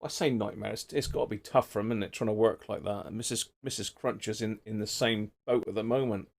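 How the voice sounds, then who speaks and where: Middle-aged bloke, easygoing stream host, chats and rambles, greets viewers by name. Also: male voice, lowish voice, a little fast, vocal fry. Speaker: livestream host. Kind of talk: casual live stream chat. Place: home workshop.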